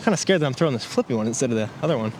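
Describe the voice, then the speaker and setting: With a medium-pitched, darkish voice, a male disc golf reviewer rattles off animated, rapid-fire commentary while throwing on an outdoor course. He exclaims at each shot in this casual play-along, recorded outdoors with faint noise.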